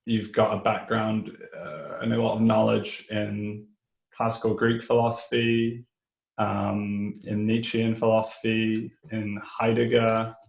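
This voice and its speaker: A male podcast host with a low, gravelly voice that stays fairly flat. He speaks calmly, filling pauses with ums, and the sound carries an echoey room. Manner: calm, many ums and hedging phrases. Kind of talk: casual interview.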